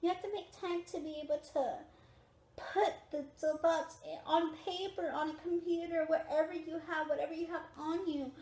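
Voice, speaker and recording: A young woman with a high voice chats to her camera from her recliner late at night, sounding tired. She repeats her points with emphasis, and the room around her rings with echo. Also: steady tone, moderate pace, darkish tone. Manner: chatty, repetitive, emphatic. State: tired, yawning. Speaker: vlogger. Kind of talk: casual chat to camera. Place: at home on a recliner.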